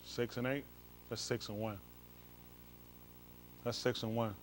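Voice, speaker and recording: Male pastor, casual Bible-study teacher, coaxing and emphatic, mid-pitched voice, faint noise floor. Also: level tone, unhurried. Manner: coaxing, repeats "come on" while directing someone scrolling. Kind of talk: informal Bible study, comparing translations.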